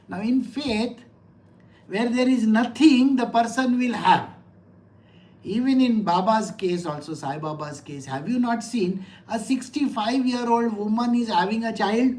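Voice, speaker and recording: A middle-aged spiritual teacher gives a scripture lecture in an easy, conversational manner, with a medium-pitched, slightly mellow voice. The teacher often poses rhetorical questions to listeners and shares personal anecdotes from home.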